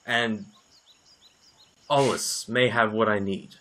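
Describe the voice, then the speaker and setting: A man's voice: fairly low pitch, steady tone, takes it slowly, a bit bright. A man voicing a flustered young male priest who stammers and gets defensive. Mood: indignant.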